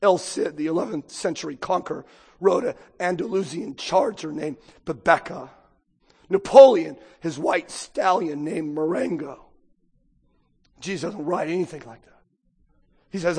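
A man's voice: on the high side, moderate pace, darkish tone, slightly rough. A man preaching a sermon as pastor, chatty and joking, often asking the congregation "right?". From United States. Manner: conversational, joking, keeps asking the crowd "right?". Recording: long hall reverb.

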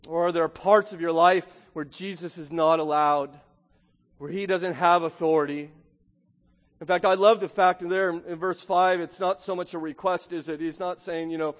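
A man preaching a sermon as pastor, earnest, swinging from loud emphasis to a hush. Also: high voice. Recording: long reverb of a large hall.

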